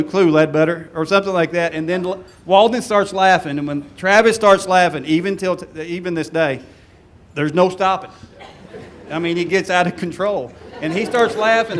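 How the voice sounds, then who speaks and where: A man's voice: sits high, normal speed. Man telling a team story. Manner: animated anecdote-telling, laughing at his own story. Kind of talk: storytelling at a reunion panel.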